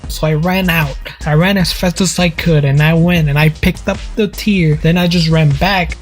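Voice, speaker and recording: A man's voice: a little high, fairly even intonation, normal speed, faint music behind. A man casually narrating his gameplay in a rambling, joking way. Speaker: gaming video host.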